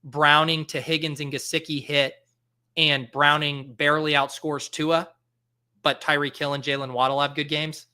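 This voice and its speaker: A man's voice: fairly high pitch, level tone, normal speed, pushed and bright, clean tone. A man in his thirties hosting a live stream in casual chat, thinking aloud with lots of fillers and restarts. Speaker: fantasy football podcast host.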